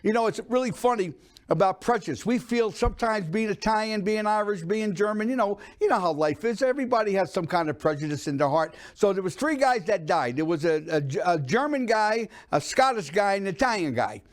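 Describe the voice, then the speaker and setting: A man's voice: sits high, lively intonation, fairly quick. An older man hosting a variety show in a chatty, rambling way, telling stories and jokes. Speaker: show host. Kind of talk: casual show chat and joke-telling.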